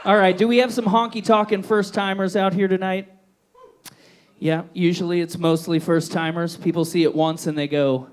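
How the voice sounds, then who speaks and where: A man's voice: sits high, flat delivery, normal speed. A man hosting a live variety show on a bar stage, bantering with the audience in a loose, profane, self-deprecating way. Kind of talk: stand-up style hosting banter.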